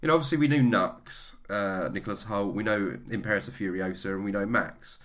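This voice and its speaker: Guy on a film podcast, kinda low voice but bright and punchy, keeps restarting mid-sentence. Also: a little fast. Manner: chatty, enthusiastic, many restarts. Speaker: podcast co-host. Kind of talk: casual film-review chat.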